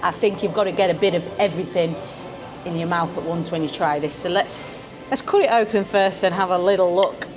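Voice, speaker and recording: A woman's voice: fairly low pitch, a little fast, music in the background. A woman vlogging at a beachfront restaurant, chatting casually as she tastes tapas and hums her approval at each bite. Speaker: food vlogger. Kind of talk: casual food-tasting commentary. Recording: busy restaurant crowd behind.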